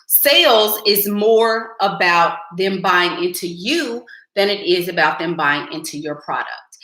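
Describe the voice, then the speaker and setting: A woman's voice: lowish voice, animated, unhurried, fairly bright tone. A young woman hosting a live stream, giving blunt, sassy advice straight to her viewers in casual chat. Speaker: livestream host giving advice. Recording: echoey room.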